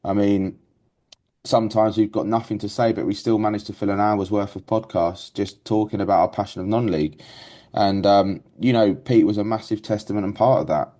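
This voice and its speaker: A man's voice: lowish voice, fairly even intonation, brisk, dark tone. A man co-hosting a podcast in casual chat, rambling with many restarts. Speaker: podcast co-host.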